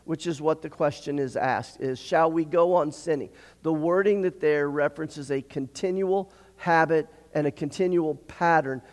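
A man preaching a sermon as pastor, earnest, often repeating words and clearing his throat. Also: fairly high pitch, darkish tone. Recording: long hall reverb.

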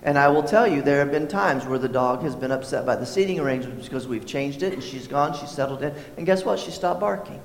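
A man preaching a sermon as pastor, in a conversational way, often repeating words and clearing his throat. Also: medium pitch, fast, few pauses, echoey room, long reverb tail.

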